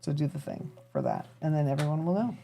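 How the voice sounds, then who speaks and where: A woman's voice: sits low, huge pitch swings, fast, vocal fry, music in the background. A woman hosting a live stream, chatting casually and rambling to her viewers as she thinks aloud while tinkering. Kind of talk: casual chat to a live audience.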